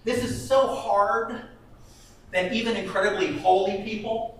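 A man's voice: sits high, fairly even intonation, measured pace, heavy background noise. A male preacher telling jokes as a sermon, chuckling at his own stories, recorded far from the mic in a large echoey hall.

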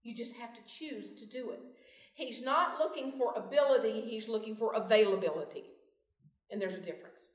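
A woman's voice: a little high, fairly quick. A woman giving a folksy devotional talk, asking her group questions, recorded in a meeting room away from the mic. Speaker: Bible study speaker. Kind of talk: devotional teaching. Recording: roomy, from far off mic.

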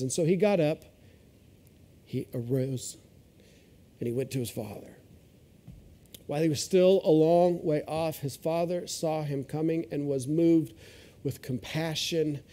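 Brief: male preacher, storytelling sermon, mellow tone. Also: a little high, a little slow, long pauses. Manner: expressive, shifts voice for characters.

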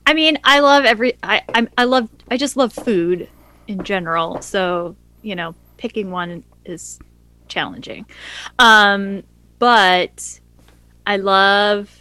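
A woman's voice: mid-range voice, slow, sharp tone, smooth. A woman co-hosting a podcast, chatting enthusiastically and laughing easily. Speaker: podcast co-host. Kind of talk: casual chat.

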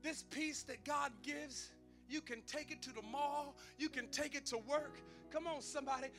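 A man's voice: very high-pitched, fairly even intonation, normal speed, fairly bright tone, faint music behind. A man preaching a sermon, telling stories with humor and calling out to his congregation. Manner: emphatic preaching with call-outs to the congregation; conversational storytelling with humor. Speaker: pastor.

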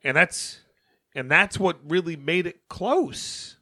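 A young man co-hosting a sports podcast, animated and talking over his co-host as he recaps games. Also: on the high side, slow pace, no room sound. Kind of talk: casual sports chat.

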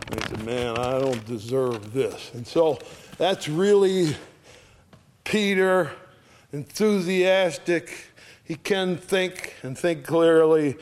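A man's voice: medium pitch, darkish tone. A man preaching a conversational sermon, reading scripture aloud and often checking in with his listeners. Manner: conversational Bible teaching, reads scripture aloud; often checks in with "all right?".

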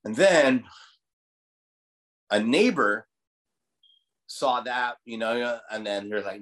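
A man's voice: on the low side, takes it slowly, pauses often, fairly bright tone. A man from Guam who runs a restaurant, telling his story in a loose, casual interview and swearing freely. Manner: loose, profane, heavy use of "like" and "you know". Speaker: restaurant owner and chef.

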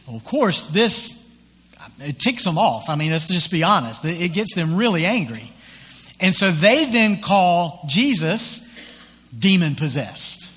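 Pastor, conversational sermon delivery, fairly high pitch, reverberant hall sound. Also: male voice, a little slow, husky. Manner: conversational, animated retelling with acted quotes.

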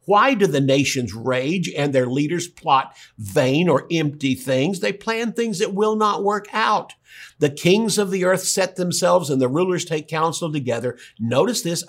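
A man preaching a sermon, his voice sitting a little high for a man. He talks with animated energy and acts out voices in the scenes he retells. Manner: animated, acts out quoted dialogue.

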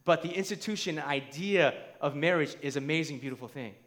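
A man preaching a sermon in a conversational, emphatic way, often checking in with "right?" and building to near shouts. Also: on the high side, a little fast. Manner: conversational, asks the crowd "right?".

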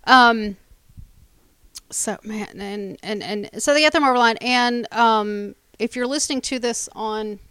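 Wry woman podcaster, slightly high and smooth. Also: unhurried, sharp tone, no echo. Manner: nitpicky, wry commentary. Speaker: podcast co-host. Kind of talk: casual fan podcast chat.

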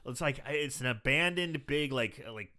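A man in his forties chatting casually as he recaps a movie, telling it with lively energy, acting out characters' lines and swearing freely. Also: medium pitch, normal speed. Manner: animated storytelling, acts out lines, swears casually.

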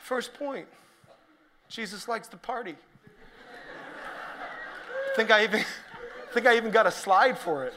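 A man preaching a sermon to a church, joking with the crowd and building up to shouted points. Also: sits high, measured pace, long pauses, background noise. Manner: energetic, joking, rising to shouted emphasis. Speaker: pastor.

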